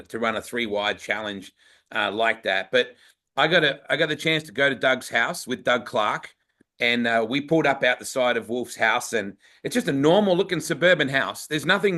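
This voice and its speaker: A man's voice: medium pitch, sharp tone. An Australian man hosting a casual podcast, telling stories eagerly. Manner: eager storytelling. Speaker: podcast host.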